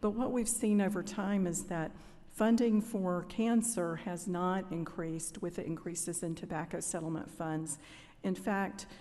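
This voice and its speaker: A middle-aged woman giving formal budget testimony to lawmakers as a cancer network representative, measured and polite, with frequent "um" pauses. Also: on the low side, dark tone. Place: legislative hearing room. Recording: hearing room with long reverb.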